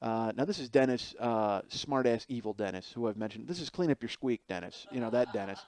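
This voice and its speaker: This comedic monologue comes from a podcast host in his forties whose medium-pitched voice has a darkish tone and a slightly fast pace. He rambles, pokes fun at himself, and performs voices in his anecdotes.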